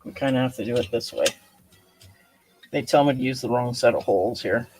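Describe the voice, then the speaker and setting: A man's voice: mid-range voice, fairly quick, a little mellow, faint music behind. A man casually thinking aloud while assembling a kit, muttering to himself with self-deprecating asides. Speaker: kit builder streaming a build.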